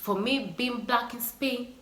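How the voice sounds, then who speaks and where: An earnest, emotional woman vlogging straight to her viewers, with sighs between her thoughts. Her voice is bright and forceful and rings in an echoey room. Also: fairly high pitch, slow. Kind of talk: personal vlog monologue.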